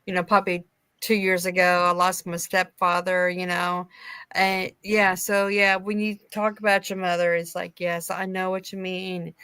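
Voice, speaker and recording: A woman in her fifties hosts a casual chat in a supportive manner and leans on "you know". Her voice is mid-pitched, and the sound is dry and close. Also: little pitch movement, moderate pace, sharp tone, smooth, dry recording. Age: 50s.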